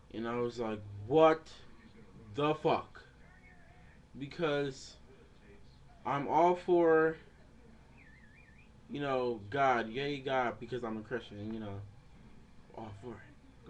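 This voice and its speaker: A man's voice: medium pitch, a little hiss or hum. A man in a casual video rant, rambling with many fillers and restarts and swearing freely. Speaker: vlogger.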